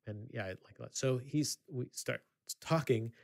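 A man co-hosting a casual podcast, telling an animated story with halting restarts and laughing asides. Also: medium pitch, gravelly. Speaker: podcast co-host.

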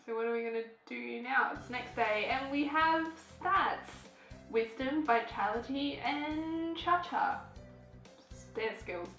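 A woman's voice: high-pitched, slow pace, a bit bright. A woman hosting a casual let's play, chatty and giggly as she reads the game text aloud. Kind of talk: casual gameplay commentary. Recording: echoey room with background music.

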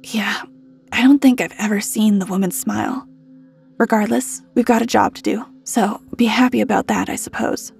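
A woman's voice: medium pitch, fairly even intonation, normal speed, creaky, a little mellow, slightly rough. A woman voicing a blunt, seasoned male mercenary leader who talks casually and firmly. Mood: matter-of-fact. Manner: casual, then stern.

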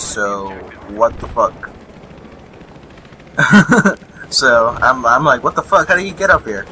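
This young man's mid-range voice sounds pushed and bright as he rambles through live gameplay commentary, cursing and laughing at his enemies. The audio is poor, with a little hiss or hum, and faint gunfire, vehicles, and game explosions sit behind him.

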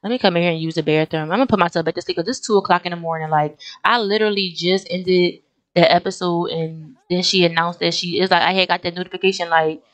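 A young woman hosting a life-sim let's play, talking casually and excitedly straight to her viewers, often breaking into exclamations. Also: on the low side, fast. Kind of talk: casual gameplay commentary.

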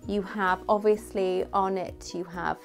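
A young woman chatting casually and gushing as she reviews a replica tiara, giggly and animated. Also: mid-range voice, a little slow, vocal fry, soft background music. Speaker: vlogger reviewing a prop replica. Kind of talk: casual product review chat.

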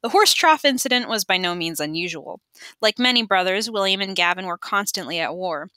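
A woman's voice: mid-range voice, animated, a little fast, pushed and bright, no room sound. A woman reading an audiobook chapter aloud, plainly, with occasional stumbles and restarts. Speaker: amateur audiobook reader. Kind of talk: audiobook narration.

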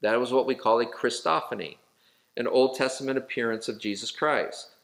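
A male pastor leading a Bible study in an ordinary mid-range voice. He talks through the verses conversationally, restarting and correcting himself along the way. He slows down and stresses the phrases he wants to stick. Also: mid-range voice, vocal fry, a bit bright. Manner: conversational, with fillers and self-corrections.

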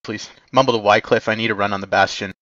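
A man commanding players in an online game, giving brisk radio-style orders over a dull lo-fi voice chat. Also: lowish voice, steady tone, fairly bright tone, slight background noise. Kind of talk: game voice comms.

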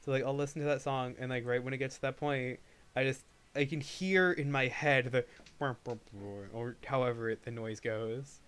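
A man's voice: mid-range voice, fairly even intonation, moderate pace, a bit bright, clear, resonant tone. A young man streaming live, chatting casually and rambling, often restarting his sentences. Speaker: livestreamer. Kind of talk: casual livestream chat.

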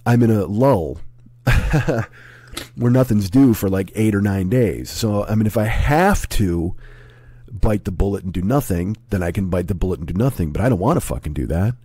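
A man in his forties with a hoarse, sick voice, rambling and swearing through a casual podcast monologue at home. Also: on the low side, expressive, moderate pace, dark tone, no room sound. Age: 40s. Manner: profane, rambling, self-deprecating. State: hoarse, sick with a sore throat. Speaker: comedy podcast host.

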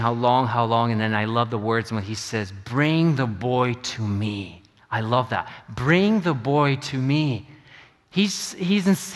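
A middle-aged man preaching a sermon as pastor, earnest and halting, often repeating his words. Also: mid-range voice, a bit bright. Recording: long reverb of a church hall.

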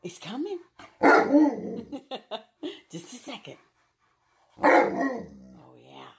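Playful woman with a lively voice. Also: on the high side, very slow. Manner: playful, talks sweetly to her dogs and viewers. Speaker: vlogger, dog owner. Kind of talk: casual pet vlog.

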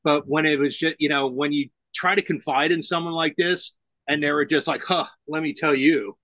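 A man's voice: a little high, fairly quick, no echo. A middle-aged man chatting as a podcast guest, animatedly acting out the lines of people in his stories. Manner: animated storyteller who acts out quoted lines. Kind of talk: casual conversation.

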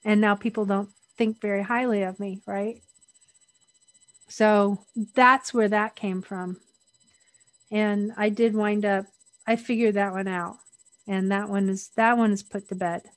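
A woman's voice: mid-range voice, fairly even intonation, unhurried, dry recording. A middle-aged woman speaking as an interview guest, candid and reflective, often restarting her sentences.

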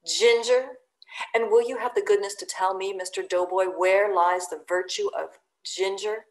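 A woman voicing an indignant, blustering male ship's mate, whose sarcastic questions climb higher and higher. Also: sing-song, takes it slowly, fairly bright tone, reverberant, full character voice. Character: blustering, mocking male second mate at sea.

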